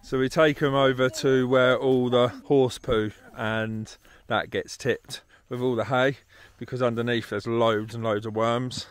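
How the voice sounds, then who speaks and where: A man's voice: medium pitch, fairly even intonation, unhurried, few pauses, clear, resonant tone. A young man from England with an English accent, talking casually and laughing often as he speaks straight to his viewers. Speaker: travel vlogger. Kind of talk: casual vlog chat.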